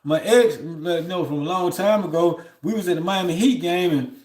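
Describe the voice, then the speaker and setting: A man's voice: high-pitched, moderate pace, darkish tone, reverberant. A man on a livestream telling a long story in a loose, rambling way, often heated and aggrieved, with "you know what I'm saying" between his thoughts. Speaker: livestream host.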